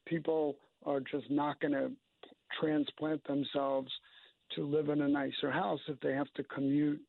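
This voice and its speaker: A man with a Brooklyn accent, a state senator speaking as a guest in a casual interview, halting and measured. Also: fairly high pitch, level tone, vocal fry, no echo, phone-quality sound. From Brooklyn, New York.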